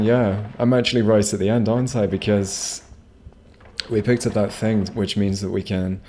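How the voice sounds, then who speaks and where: A man's voice: fairly low pitch, fairly even intonation, a little slow, mellow, slight background noise. A man casually commenting while streaming a video game, rambling with self-mocking jokes and asides to chat. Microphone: desk microphone.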